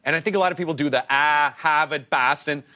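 A male talk show host in his forties interviewing a guest, quick with jokes and asides. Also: a little high, pushed and bright.

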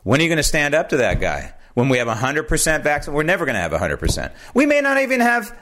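A man hosting a political commentary show, talking in an animated, sarcastic monologue. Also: fast, a little hiss or hum. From United States. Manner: animated, sarcastic, swings pitch for emphasis. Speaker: podcast host.

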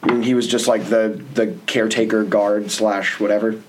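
A man's voice: lowish voice, flat delivery, moderate pace, a little hiss or hum. Laid-back wry man in casual chat. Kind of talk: casual movie discussion.

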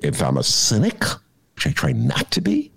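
A man hosting a casual political chat podcast, animated and laughing often as he talks. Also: medium pitch, gravelly, breathy edge, dry recording. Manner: animated, laughing, breaks into quick impressions. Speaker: podcast host.

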